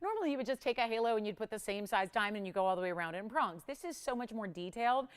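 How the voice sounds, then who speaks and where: A woman's voice: medium pitch, lively intonation, racing, clear, resonant tone. A woman hosting a live jewelry shopping show from a studio, chatting upbeat and laughing often as she sells. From Los Angeles area resident. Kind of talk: live on-air sales chat. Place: television studio.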